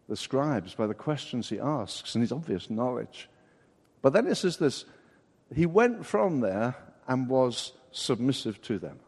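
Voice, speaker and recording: With a husky, slightly mellow mid-range voice, a man preaches as pastor, working through a Bible passage expository-style with rhetorical questions. The recording has a long hall reverb.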